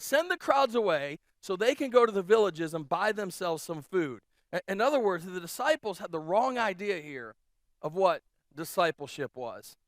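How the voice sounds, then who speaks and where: Pastor, male, higher than usual pitch, dry close sound; relaxed storytelling sermon full of restarts. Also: moderate pace, dry recording. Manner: casual, animated storytelling with many restarts. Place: church auditorium.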